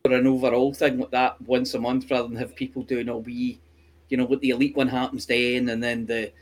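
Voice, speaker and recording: A man co-hosting a podcast in casual chat, chatty and quick to laugh. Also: mid-range voice, level tone. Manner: chatty, laughs often, jokey asides. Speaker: podcast co-host.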